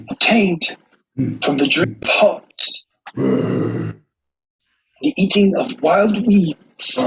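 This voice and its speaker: A man putting on the voice of a reverent wildlife documentary narrator, with a grand, solemn, drawn-out delivery. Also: high-pitched, vocal fry, slightly rough, muffled recording, pitched above the performer's own voice, heavily acted.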